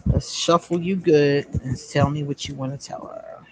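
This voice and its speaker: A woman, hosting a casual live stream where she reads cards for viewers, animated and quick to laugh. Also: fairly low pitch, noisy background. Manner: animated, laughs often, drawn-out emphasis. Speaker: host doing card readings for viewers.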